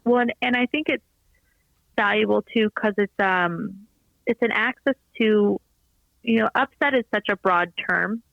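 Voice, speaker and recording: A woman's voice: medium pitch, unhurried, vocal fry, no echo. A woman guest on a podcast, chatting casually and acting out quotes as she tells stories over a muffled remote line. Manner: animated storyteller, acts out quotes. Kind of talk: casual chat.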